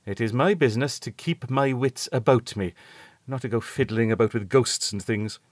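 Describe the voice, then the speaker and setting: A man's voice: mid-range voice, moderate pace, no room sound, studio quality, lightly acted. A man reading an audiobook, voicing a blunt, superstitious ship's doctor who is curt and stubbornly sure of himself.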